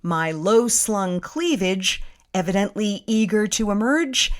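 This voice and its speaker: A woman's voice: mid-range voice, expressive, slow pace, noisy background. A middle-aged woman telling her own story as host, with wry, self-deprecating humor. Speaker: host and narrator. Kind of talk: first-person storytelling narration.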